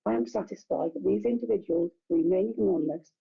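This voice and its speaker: Gravelly, raspy woman presenting a report. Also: on the low side. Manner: measured, reads from her report. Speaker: investigating officer. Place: council meeting room. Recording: dull lo-fi meeting recording.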